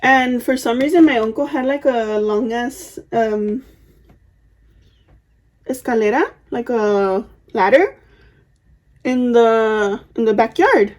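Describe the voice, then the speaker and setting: A woman's voice: a little high, slow, pauses often, darkish tone. Chatty young woman, swearing storyteller. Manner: chatty, swears freely, lots of fillers and asides. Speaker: vlogger. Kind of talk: get-ready-with-me storytelling.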